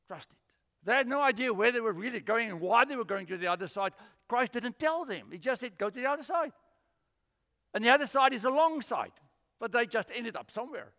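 Animated pastor preaching in a hall. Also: male voice, very high-pitched. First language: Afrikaans. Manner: animated storytelling with acted-out voices. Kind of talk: sermon. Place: church.

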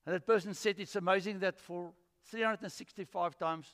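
Animated pastor preaching in a hall. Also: male voice, high-pitched, a little fast. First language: Afrikaans. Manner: animated storytelling with acted-out voices. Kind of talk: sermon. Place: church.

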